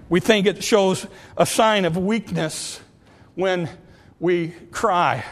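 A middle-aged man, a pastor, preaching a sermon that swings from impassioned peaks down to quiet, confiding asides. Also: sits high.

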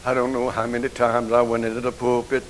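An older man, preaching an emotional sermon that moves from soft, hushed passages to rising outcries. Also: mid-range voice, completely flat delivery, quick pace, a little hiss or hum, low-quality recording.

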